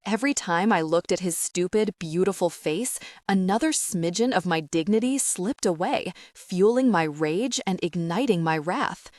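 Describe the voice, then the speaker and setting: A woman's voice: lowish voice, lively intonation, moderate pace, few pauses, a little mellow, no echo, clean studio sound. Woman narrating an emotional audiobook. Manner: emotional, tearful dramatic reading. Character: hurt, furious young woman demanding answers. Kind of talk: first-person audiobook narration.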